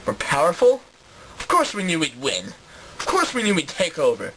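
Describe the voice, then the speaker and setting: A man's voice: a little high, wildly swooping pitch, moderate pace, fairly bright tone, slight background noise, pitched below the performer's own voice, heavily acted, rough recording. A man voicing a boastful, pompous British colonist in a mock posh accent for a comedy sketch. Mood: smug.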